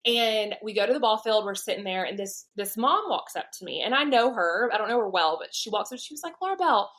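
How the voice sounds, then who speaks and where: A woman's voice: medium pitch, fairly quick, a bit bright, rough recording. A woman in her thirties with a Southern US accent, a podcast guest telling a personal faith story animatedly and acting out the voices of people she quotes. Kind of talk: storytelling testimony.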